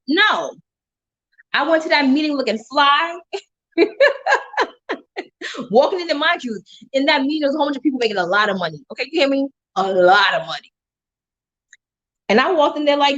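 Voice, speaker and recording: A woman giving an animated faith testimony to viewers on a live stream, speaking with preacher-like emphasis and frequent laughter. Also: high-pitched, a little fast, long pauses, dull audio.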